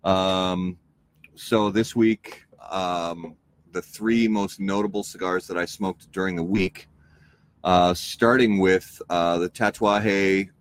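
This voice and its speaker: Deep-voiced man in casual chat. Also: slow. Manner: relaxed, rambling, many fillers. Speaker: podcast co-host.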